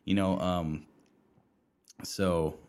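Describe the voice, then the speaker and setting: A man with a very low voice co-hosting a casual faith podcast. He backs up his partner with quick affirmations and speaks frankly and a bit self-deprecatingly about his own understanding. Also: steady tone, a little mellow, smooth. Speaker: podcast co-host.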